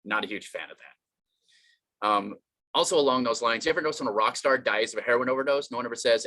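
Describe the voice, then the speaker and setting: Performing stand-up online, a man with a medium-pitched, pushed and bright voice talks at a quick pace. His rambling, self-deprecating set is full of fillers and false starts.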